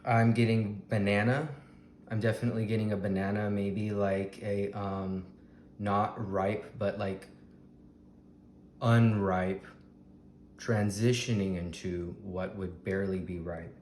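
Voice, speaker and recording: A man with a Texan accent, vlogging a fruit tasting at home in a slow, dreamy, gushing way with many ums. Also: lowish voice, flat delivery, a little mellow. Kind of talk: casual food tasting vlog. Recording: echoey room with faint ambient hiss.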